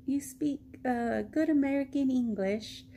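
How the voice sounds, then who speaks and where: Brief: woman doing a high, chirpy, friendly map lady, eager to help. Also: a little slow, dark tone, a little hiss or hum. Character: chatty, friendly woman handing out airport maps.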